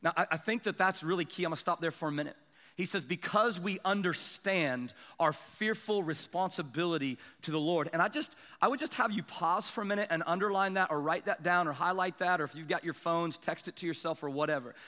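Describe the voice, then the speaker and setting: A young adult male pastor delivers an animated sermon, drawing the congregation in with stories and quick asides. His voice sits high and bright, with a ringing, forward edge. The sound carries a long reverb from a church sanctuary.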